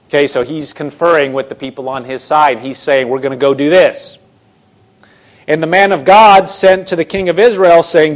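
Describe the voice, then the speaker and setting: A man preaching a sermon, retelling a scripture story in casual, animated voices. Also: a little high, moderate pace.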